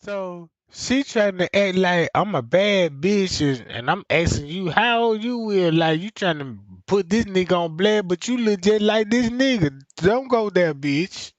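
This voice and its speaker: A man doing casual reaction commentary on a stream, mocking and roasting with profane, loud jokes. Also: high-pitched, animated, measured pace, hardly any pauses, no room sound, highs cut off.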